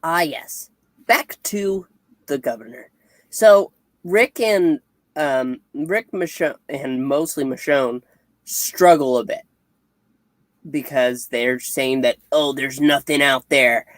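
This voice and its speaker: Low-voiced slow-talking woman reviewer. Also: dry recording. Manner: hesitant, retells scenes with quoted voices. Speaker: comic review co-host. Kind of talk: casual chat.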